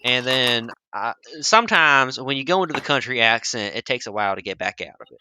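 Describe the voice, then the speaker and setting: A man's voice: medium pitch, animated, a little fast, sharp tone, smooth, dry recording. A man with a Southern US accent, running a tabletop game as game master in a rambling, casual way with frequent restarts.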